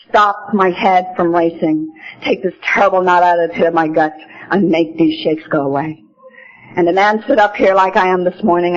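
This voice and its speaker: Older woman giving earnest testimony. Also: on the low side. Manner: earnest, plain-spoken storytelling. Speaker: recovery meeting speaker. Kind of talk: personal testimony talk. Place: meeting hall podium. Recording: dull lo-fi recording.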